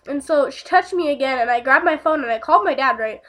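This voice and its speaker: A woman's voice: sits high, a little fast, few pauses, a bit bright. A young woman telling a casual storytime vlog, rambling with lots of fillers and swearing.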